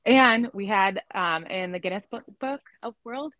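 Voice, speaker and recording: A woman from Illinois hosting a casual podcast chat, chatty and quick to laugh, with lots of fillers. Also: mid-range voice, no echo, highs cut off. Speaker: podcast host.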